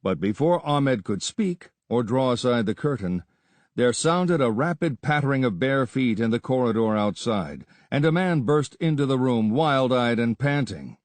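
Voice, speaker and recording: A man reading an adventure story aloud as narrator, in a steady, measured storytelling manner. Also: medium pitch, no room sound. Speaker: audiobook narrator. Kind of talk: scripted narration.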